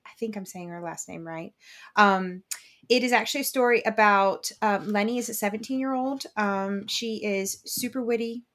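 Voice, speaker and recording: A woman co-hosting a podcast, giving a relaxed, rambling book review full of ums. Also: medium pitch, normal speed. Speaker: podcast co-host reviewing books. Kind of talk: casual book review chat.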